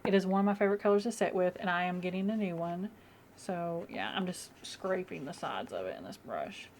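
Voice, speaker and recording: A woman's voice: on the low side, a little fast, gravelly, darkish tone, slight background noise. A young woman vlogging casually as she does her makeup, chatty and rambling with many fillers, at home. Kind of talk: casual get-ready-with-me chat.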